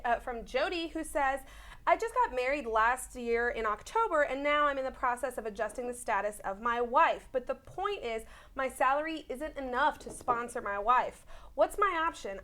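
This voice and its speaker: A woman's voice: sits high, a bit bright. A woman co-hosting a live talk show, reading viewer questions aloud and joking playfully with the hosts. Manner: giggly, playful.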